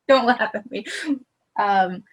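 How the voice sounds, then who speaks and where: A woman's voice: mid-range voice, fairly bright tone. Giggly young woman with a medium voice. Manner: cheerful, giggly, a bit sarcastic. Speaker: podcast guest. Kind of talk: casual podcast chat.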